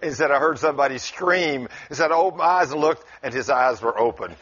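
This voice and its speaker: A man's voice: medium pitch, fast talker, fairly bright tone, slightly rough. A man who preaches, telling a story in casual conversation in a folksy way and chuckling as he goes. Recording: dull lo-fi recording.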